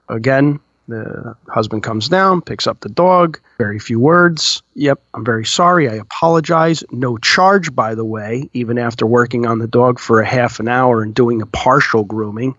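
A man's voice: mid-range voice, a little slow, hardly any pauses, fairly bright tone, dry recording. A man, a dog groomer hosting a podcast, telling a story in rambling casual chat with lots of "you know". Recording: dull lo-fi, dry.

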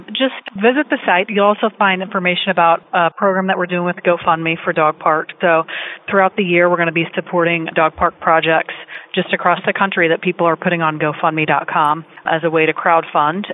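Woman spokesperson on tinny phone line, even flat delivery. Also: lowish voice. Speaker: company representative guest. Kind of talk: promotional interview answer. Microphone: phone call.

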